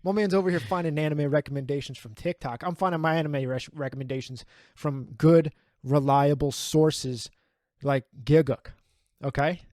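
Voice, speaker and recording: A man's voice: fairly high pitch, moderate pace, darkish tone, dry recording, studio quality. A man from the American Midwest co-hosting a casual anime chat show, bantering with brash mock outrage. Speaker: podcast co-host.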